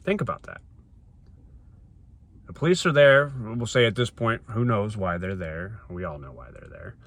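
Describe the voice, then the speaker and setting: A man with a fairly low voice tells a long personal story from the driver's seat of his car. He rambles and restarts often, but he stays emphatic throughout, and the sound comes straight through his phone. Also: expressive, normal speed, a bit bright. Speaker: vlogger.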